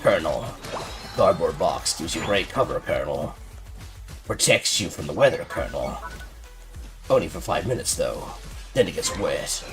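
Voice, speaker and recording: A man putting on a glum, low-voiced soldier. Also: lively intonation, moderate pace, long pauses, over music. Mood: deadpan. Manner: mournful, ends each line with "Colonel". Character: glum low-voiced male soldier reporting to his colonel.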